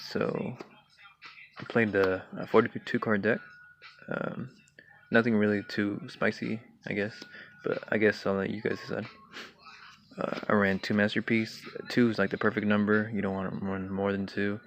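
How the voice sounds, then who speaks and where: A young man casually walking through his card game deck, talking in a relaxed way with many fillers and throat clears. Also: on the low side. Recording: dull lo-fi home recording with faint hiss.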